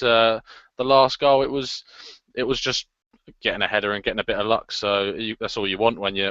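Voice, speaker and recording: A man on a casual football podcast panel, giving his view haltingly with many pauses and fillers. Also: on the low side, fairly bright tone, smooth, dry recording, dull audio. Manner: hesitant, many ums and uhs.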